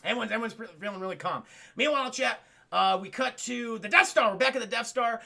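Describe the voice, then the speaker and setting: A man's voice: very high-pitched, fast, vocal fry, bright, forceful tone. A male streamer who retells a film to his chat in a comic, rambling, profane way.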